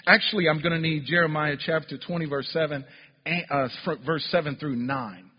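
A man preaching a sermon, calling on the congregation to answer back and building to fervent near-shouting when he retells scripture. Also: a little high, fairly quick, breathy edge. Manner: calls on the congregation for responses. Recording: lo-fi with long hall reverb.

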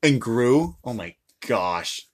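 A young man chatting casually with a friend in a playful, rambling way. His pitch moves around a lot, lively and animated. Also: takes it slowly. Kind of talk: casual chat.

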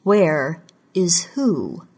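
A woman narrator voicing a cunning man who speaks smoothly and calmly, keeping control. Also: low voice, slow pace. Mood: guarded calm. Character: calm, cunning male magician, menacing.

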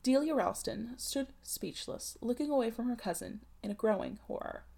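A woman narrating a classic novel in a measured, literary audiobook reading. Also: a little high, gravelly, warm tone, husky.

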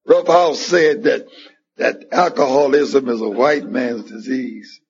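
A man's voice: mid-range voice, takes it slowly. A man speaking at a recovery meeting, telling his personal story and acting out what others said to him, on a dull lo-fi tape recording. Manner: storytelling with acted-out quoted dialogue. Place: meeting hall.

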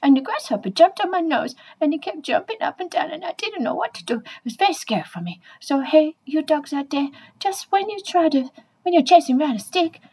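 A woman's voice: high voice, expressive, fairly quick, a little mellow, poor audio. A woman voicing a playful, chatty pet dog, speaking straight to the listeners in a comic monologue.

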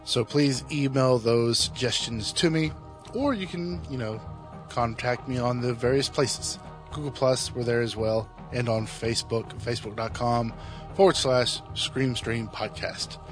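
A man hosting a solo podcast, talking bluntly in a casual, halting way with many fillers. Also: mid-range voice, fairly even intonation, soft background music. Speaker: podcast host.

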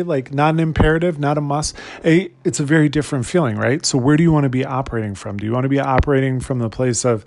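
A man's voice: mid-range voice, fast talker, few pauses, a little mellow. A man hosting a solo motivational podcast, talking energetically and asking his listeners lots of rhetorical questions. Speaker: podcast host.

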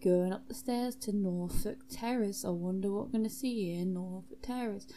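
A tipsy woman voicing a cocky male knight in a lowered, deadpan mumble. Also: normal speed, a little hiss or hum, lightly acted.

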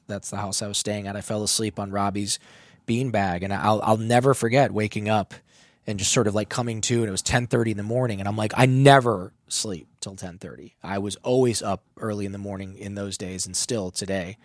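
A man recounts a personal story in a candid, heavily profane way, his voice rising as he gets worked up. His voice sits somewhat low. The sound is dry and close. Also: no room sound. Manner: emotional, profane, animated storytelling.

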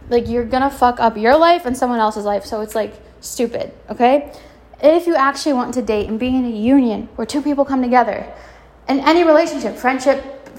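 Young woman podcast host, casual and blunt, filler-heavy, a bit breathless, recording while busy around the house. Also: on the high side. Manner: chatty, frank, lots of "like" and swearing. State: slightly out of breath. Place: at home, moving around while cleaning.

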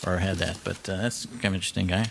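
A man's voice: low voice, steady tone, rapid-fire, creaky, slight background noise. A man hosting a radio talk show, joking and teasing his guests with dry banter into a studio microphone. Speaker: host.

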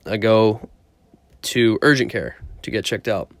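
A man's voice: fairly low pitch, a little slow, no echo. A young man casually telling a story about himself, rambling, swearing often and poking fun at himself. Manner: profane, rambling, self-mocking.

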